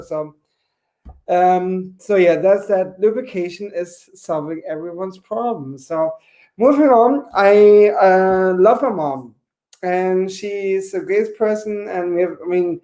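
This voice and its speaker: A man in his forties does a campy, chatty online stand-up set, scattering "you know" throughout. His voice sits high with a dark tone, and he takes things slowly. It's picked up by a home webcam mic.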